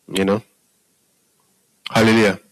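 A man's voice: fairly low pitch, level tone, a little slow, no room sound, poor audio. A man preaching a sermon in a conversational way, often asking his listeners if they are following. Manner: conversational, repeats "Hallelujah" and "are we together?" to the audience.

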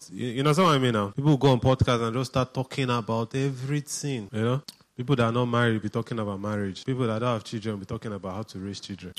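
A man preaching a sermon in a conversational way, often asking the congregation questions. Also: lowish voice.

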